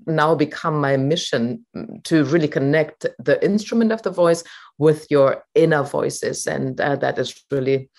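A woman's voice: low-pitched, unhurried, gravelly, darkish tone. A woman voice coach talking as an interview guest, thoughtful and hesitant, with many fillers. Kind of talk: interview guest, reflective chat.

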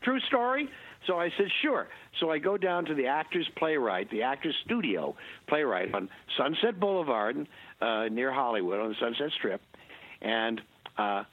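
An older man, a guest in an interview, telling anecdotes in a halting way with many restarts and chuckles. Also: mid-range voice, animated, dry recording, narrow, tinny audio. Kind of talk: rambling anecdotal conversation.

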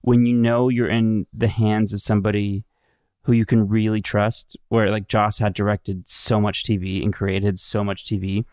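A man's voice: fairly low pitch, little pitch movement, moderate pace, darkish tone, dry recording, clean studio sound. A man in his thirties co-hosting a casual podcast chat, telling stories earnestly and acting out what others said. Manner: earnest storytelling, acts out quotes. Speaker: podcast co-host.

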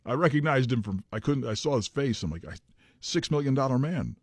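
A man's voice: medium pitch, expressive, brisk, darkish tone, breathy edge, no room sound. A man co-hosting a talk radio show, chiming in with short, laid-back asides from the studio. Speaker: radio co-host. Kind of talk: casual radio banter.

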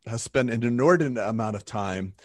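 A man co-hosting a podcast in casual conversation, telling stories with lively quoted voices. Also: mid-range voice, brisk, no echo. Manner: animated storytelling, acting out quoted voices. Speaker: podcast co-host.

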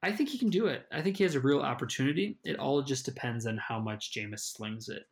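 A man's voice: medium pitch, animated, quick pace, creaky. Man co-host, casual football chat, mid-range voice, hedging, restarts phrases. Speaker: fantasy football podcast co-host.

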